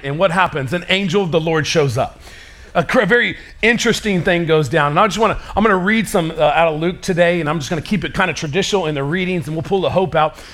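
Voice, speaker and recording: A man in his thirties preaching a sermon as pastor, telling a story with mock screams and quick asides. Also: on the high side, a bit bright.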